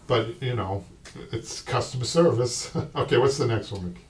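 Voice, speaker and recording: A Boston-accented man with a mid-range voice, speaking at a normal pace, hosts a live upholstery show from his shop. His casual talk rambles, full of restarts and side remarks. The mic sits at a distance and picks up faint noise.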